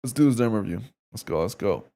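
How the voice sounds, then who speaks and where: Laid-back, low-voiced male game streamer. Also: quick pace. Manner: relaxed, slangy, swears, thinks aloud to chat. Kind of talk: casual live-stream commentary and demo review.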